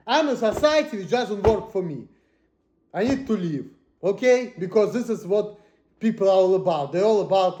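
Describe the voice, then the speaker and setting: A high-voiced man rants to the camera, cursing constantly. He swings between low muttering and sudden shouts. The room around him gives the voice a noticeable echo. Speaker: vlogger. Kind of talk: angry personal rant.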